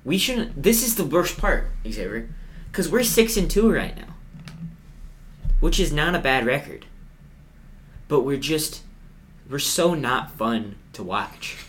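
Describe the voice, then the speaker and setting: Animated young man ranting sarcastically. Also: fairly high pitch, slow pace, pauses often, a little hiss or hum. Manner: animated, sarcastic storyteller with self-mocking gloom. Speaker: podcast co-host. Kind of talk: casual sports chat.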